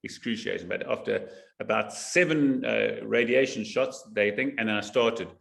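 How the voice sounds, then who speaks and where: Man, gravelly voice, halting, repeats words, emphatic, interview guest. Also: fairly low pitch. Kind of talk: casual interview conversation.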